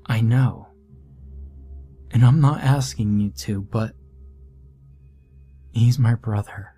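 A man's voice: mid-range voice, slow pace, warm tone, faint music behind. A man voicing an earnest, tearful teenage boy in a horror story reading. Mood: determined, tearful. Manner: earnest, emotional.

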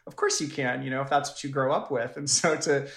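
A man's voice: mid-range voice, steady tone, fairly quick, gravelly, fairly bright tone, echoey room. A man, a documentary filmmaker, talking through his work in an interview, thoughtful and full of fillers and restarts. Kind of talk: conversational interview.

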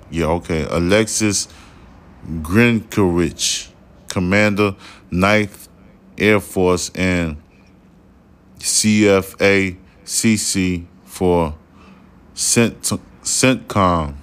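A low-pitched man on his podcast, talking slowly and a little slurred as if tipsy. He rants in a loose, profane way and drags out his words. His voice jumps up sharply when he gets heated. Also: clean tone. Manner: loud swearing rants, slurred speech. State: slightly drunk. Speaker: podcast host. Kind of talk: casual ranting commentary. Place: studio room behind glass.

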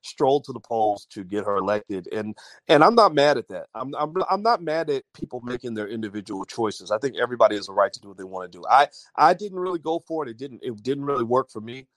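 A man speaks in a chatty, unscripted way to his live audience, full of fillers and restarts. His voice sits at a middle pitch. The sound is dry and close, with no room around it. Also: animated, fast talker, a bit bright, no echo. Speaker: livestream host. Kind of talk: casual livestream commentary. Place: audio-only home livestream.

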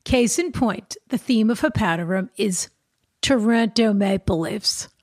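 A woman's voice: mid-range voice, measured pace, no echo, clean studio sound. A woman co-hosting an advice podcast, chatting playfully, laughing easily and reading a listener's letter aloud. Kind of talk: casual chat and letter reading.

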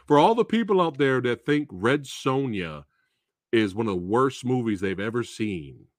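A man's voice: mid-range voice, moderate pace, dry recording, studio quality. A man hosting a live movie Q&A, ranting casually with frequent swearing and laughter. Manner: animated, profane, laughs often, restarts.

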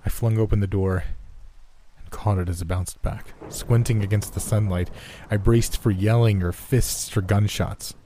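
A man narrating a first-person horror story in a measured, tense storytelling manner. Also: fairly low pitch, steady tone, dark tone, slight background noise.

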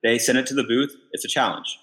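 A man co-hosting a casual podcast, telling a story in an animated way and often repeating words as he goes. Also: medium pitch, fast. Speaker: pickleball pro and podcast co-host.

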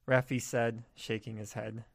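A man's voice: medium pitch, no echo. Man narrating a horror story, dry sound. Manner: steady, measured storytelling. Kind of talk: scripted first-person horror narration.

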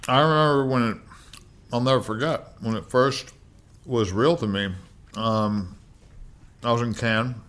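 A man's voice: medium pitch, fairly even intonation, measured pace, long pauses, a bit bright. An American man in his thirties, a podcast guest telling stories in a laid-back way, swearing often and filling with "like" and "you know". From United States. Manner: laid-back, heavy swearing, many fillers. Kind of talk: casual storytelling.

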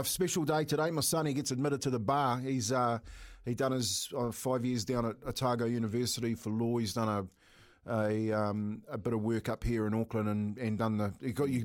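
A man's voice: medium pitch, steady tone, brisk. A middle-aged man with a New Zealand accent, co-hosting a radio show and telling stories casually, laughing often. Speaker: radio co-host. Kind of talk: casual storytelling.

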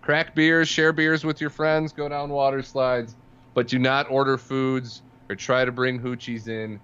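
A man's voice: medium pitch, level tone, a little slow, fairly bright tone, smooth, dull audio. A man co-hosting a casual sports podcast, dry and sarcastic, chuckling through his points. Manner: dry, sarcastic, laughs while talking. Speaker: podcast co-host.

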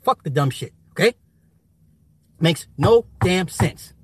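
A man's voice: a little high, expressive, takes it slowly, slightly rough. A man ranting casually to his viewers, profane and rambling, laughing often. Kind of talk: casual rant.

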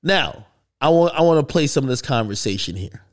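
Animated male podcast host. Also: mid-range voice, brisk. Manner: conversational, questioning, animated. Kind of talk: casual commentary.

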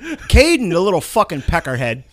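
Blunt guy ribbing his friends, high voice, lots of ups and downs. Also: huge pitch swings, normal speed. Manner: blunt, teasing, profane. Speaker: fantasy league organizer. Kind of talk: casual banter among friends.

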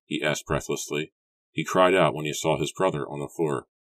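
A man narrating an audiobook in an even, steady storytelling manner. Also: rumbling low, normal speed, dry recording. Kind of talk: scripted narration.

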